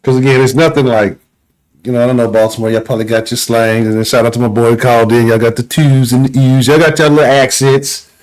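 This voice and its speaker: A man with a Houston accent hosting a call-in sports talk show, laid-back and slangy, often trailing off quietly. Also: medium pitch, flat delivery, fast. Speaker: sports talk radio host. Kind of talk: casual call-in show chat.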